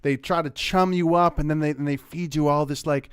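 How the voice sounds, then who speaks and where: A man from Canada giving sarcastic, animated commentary while reacting to a news clip. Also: fairly high pitch, fast talker, hardly any pauses, smooth, dry recording, studio quality. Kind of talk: casual political commentary.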